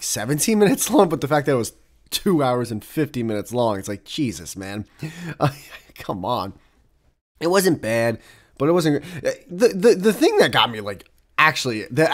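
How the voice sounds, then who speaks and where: A young man hosting a podcast, talking off the cuff in a loose, rambling way. His pitch swings widely as he climbs into exasperated, profane rants and laughs along the way. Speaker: podcast host. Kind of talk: casual solo chat.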